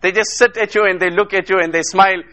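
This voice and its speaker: A man's voice: high-pitched, fairly even intonation, fast, sharp tone. A man from South Africa giving an emotional sermon, telling stories in repetitive rhetorical phrases mixed with Arabic. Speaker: Islamic speaker.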